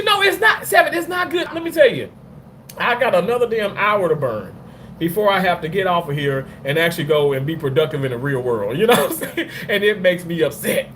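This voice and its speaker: A lively male streamer with a high voice that jumps all over the place as he rants and laughs. He swears freely and answers his chat directly. There's a faint hiss of noise under his voice. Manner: animated, profane, laughs often; talks back to chat comments. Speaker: livestream host. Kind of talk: casual livestream chat.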